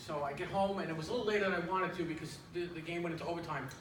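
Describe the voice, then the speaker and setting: A man's voice: on the high side, steady tone, rapid-fire. A man in his fifties performing a stand-up comedy set, telling stories in a chatty way with plenty of filler words. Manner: conversational storytelling with lots of filler words. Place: club stage with an audience. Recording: echoey room, distant mic, audience noise. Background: audience laughter.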